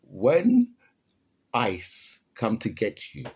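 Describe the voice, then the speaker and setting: A man's voice: lowish voice, wildly swooping pitch, very slow, a little mellow, husky. Impassioned British man ranting. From United Kingdom. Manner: impassioned, ranting, keeps asking "right?". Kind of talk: opinion monologue.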